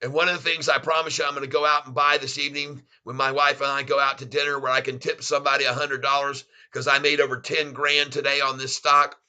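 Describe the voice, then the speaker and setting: A man from Florida with a Southern accent, hosting a live stream and chatting with viewers in an excitable, effusive way. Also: mid-range voice, fast talker, hardly any pauses, clear, resonant tone. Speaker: livestream host. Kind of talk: casual live stream chat.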